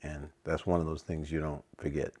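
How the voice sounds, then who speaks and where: A middle-aged man, a jazz saxophonist, telling anecdotes in a relaxed interview and acting out the lines of people he quotes. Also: a bass voice, brisk. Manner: acts out other people's lines in quoted voices.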